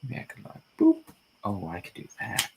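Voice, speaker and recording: A man's voice: on the low side, huge pitch swings, normal speed, a little mellow, breathy edge. A young man hosting a live painting stream, chatting casually and jokingly, now and then singing snatches of songs. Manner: joking, sings snatches of songs, slips into silly voices. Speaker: livestream painting host. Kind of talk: casual chat while painting.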